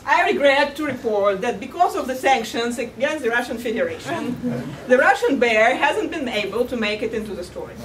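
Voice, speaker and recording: A woman's voice: a little high, animated, brisk, hardly any pauses, background noise. A woman giving a humorous storytelling speech at a contest, playful and chuckling at her own jokes, recorded from far off in a large echoey hall. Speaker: contest speaker. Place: large hall at a cultural center.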